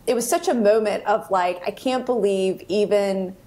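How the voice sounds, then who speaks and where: A woman in her forties, a guest on an interview podcast, telling an anecdote with lively energy and acting out the voices of the people in it. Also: medium pitch, moderate pace. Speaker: guest, food activist.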